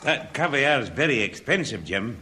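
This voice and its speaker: Brief: a flustered grandad, older, lively swooping delivery, slight hiss. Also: male voice, mid-range voice, moderate pace. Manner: grumbling, flustered. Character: grumbling northern grandfather, older. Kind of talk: 1960s radio sitcom acting.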